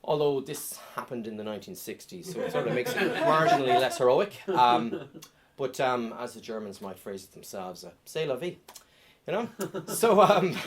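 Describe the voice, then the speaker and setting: A middle-aged man doing a deadpan stand-up comedy set on a club stage, with many ums and uhs. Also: mid-range voice.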